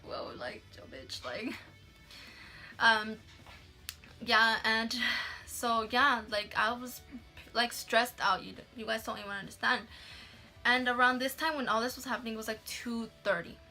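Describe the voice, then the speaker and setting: A woman's voice: fairly high pitch, fairly even intonation, unhurried, long pauses, bright, forceful tone, faint music behind. A young woman vlogger telling a story in casual chat. She swears freely, says "like" constantly and drops in Spanish words.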